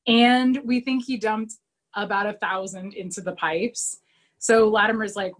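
A woman's voice: mid-range voice, fairly even intonation, a little slow. A woman hosting a podcast, recapping a TV episode in casual, rambling chat full of fillers. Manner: chatty, rambling, with many fillers.

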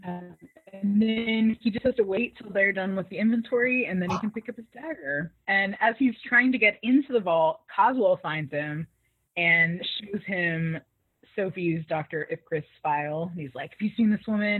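A woman co-hosting a podcast, casually recapping an episode in an animated way with laughter. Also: medium pitch, moderate pace, slightly rough, dry recording, faint music behind. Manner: animated, laughing, acts out quoted lines. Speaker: podcast co-host. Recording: tinny phone-like dry sound.

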